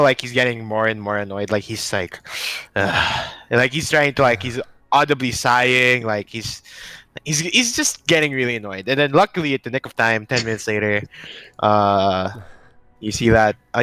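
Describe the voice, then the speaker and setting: A man's voice: mid-range voice, bright, forceful tone, smooth, no room sound. A man narrating a tabletop game as game master, rambling with many fillers.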